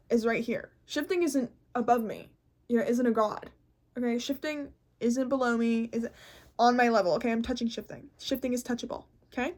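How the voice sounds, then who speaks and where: A woman's voice: on the high side, darkish tone. A woman hosting a casual vlog, talking bluntly and animatedly and swearing constantly. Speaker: host.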